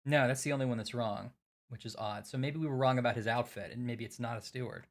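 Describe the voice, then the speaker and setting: A man's voice: mid-range voice, steady tone, fast. A man streaming a mystery game, thinking aloud as he works through the puzzles with a friend. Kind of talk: casual game chat.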